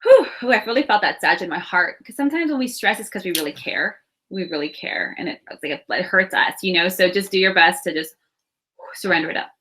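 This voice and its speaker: A woman in her thirties giving a casual, reassuring astrology and tarot reading to camera, chatty and warm-hearted, with laughs and sighs between thoughts. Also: on the low side, lively intonation, fairly quick.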